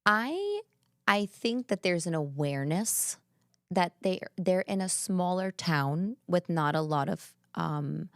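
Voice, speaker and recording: A woman's voice: on the low side, expressive, slow pace, no room sound, studio quality. A woman with an accent co-hosting a casual chat, telling stories animatedly and acting out quoted voices. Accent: non-native English. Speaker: podcast co-host.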